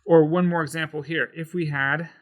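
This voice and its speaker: A man teaching a Spanish lesson, patiently explaining and slowing down to sound out words syllable by syllable. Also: a little high, fairly even intonation. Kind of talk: explaining at a whiteboard.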